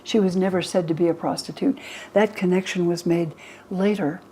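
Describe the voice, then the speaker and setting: Older woman, scholar explaining texts, mellow warm tone, faint background noise, acts out quotes. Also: moderate pace, poor audio. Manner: lively, acts out the quoted speakers in higher voices. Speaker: religion scholar and guest. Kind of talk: explaining to an interviewer.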